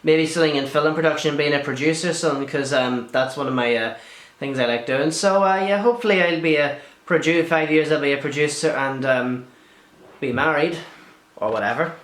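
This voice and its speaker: A man's voice: a little high, brisk, fairly bright tone, reverberant. A young man, chatting and swearing freely as he answers viewer questions in a casual vlog. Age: young adult. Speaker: video blogger.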